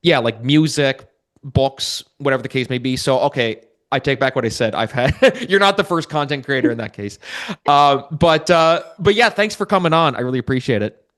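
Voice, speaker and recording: A man hosts a podcast in an easygoing, rambling way, leaning on "uh" between phrases. His voice sits at an ordinary middle pitch. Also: expressive, moderate pace, fairly bright tone. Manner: rambling, many "uh" fillers, laughs easily. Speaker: podcast host. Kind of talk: casual interview chat.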